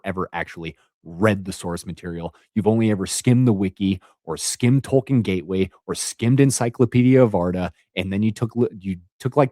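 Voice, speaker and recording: A man's voice: sits low, darkish tone, dry recording. A man in his thirties, a content creator, giving an unscripted, exasperated rant and repeating words for emphasis. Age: 30s.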